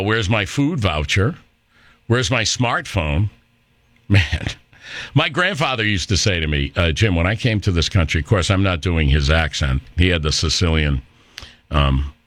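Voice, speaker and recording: A man's voice: low voice, a bit bright, no room sound. A middle-aged man hosting a political talk radio show, opinionated and rambling, with fillers and restarts.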